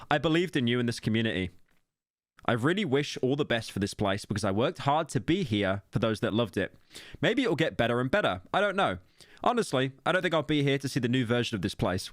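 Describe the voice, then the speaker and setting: A young British man reads internet posts aloud on a stream and mocks them with dry, wry asides. His voice sits at an ordinary pitch for a man. The sound is close and dry, with no room echo. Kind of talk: casual reaction commentary.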